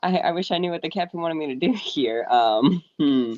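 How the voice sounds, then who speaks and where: A man playing a tabletop role-playing game, thinking out loud hesitantly with many restarts. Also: a little high, expressive, moderate pace, no room sound, lo-fi sound. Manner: hesitant, rambling, lots of restarts. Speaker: player. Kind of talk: tabletop role-play, planning moves.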